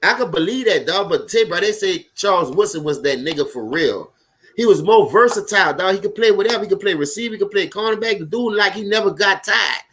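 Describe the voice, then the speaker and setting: A man with a New Orleans accent, hosting a casual live sports stream, talking loud and profane and chatting with his viewers as he reacts to the game. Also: sits high, animated, fairly quick. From Louisiana.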